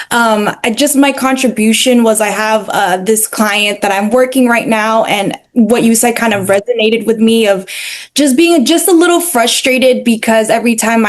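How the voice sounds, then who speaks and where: A somewhat high-voiced woman speaks up in a group video call as a real estate agent. She sounds earnest and a little hesitant, filling pauses as she searches for words. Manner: hesitant, earnest, many fillers.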